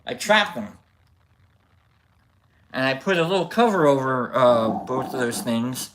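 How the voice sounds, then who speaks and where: A man hosting a livestream, telling a story casually to his chat in an animated, rambling way with restarts. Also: medium pitch, unhurried, noisy background. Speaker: livestream host.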